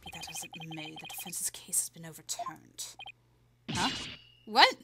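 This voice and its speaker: A woman voicing a smug, scheming male prosecutor who taunts in a silky, hushed way. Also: deep voice, expressive, unhurried, creaky, heavy background noise, exaggerated voice. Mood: gloating. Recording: loud game music underneath. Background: game music.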